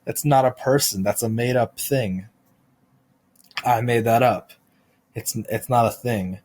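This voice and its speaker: A man hosting a podcast, delivering a rambling deadpan comic monologue full of restarts and absurd tangents. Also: mid-range voice, a little slow. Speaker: podcast host.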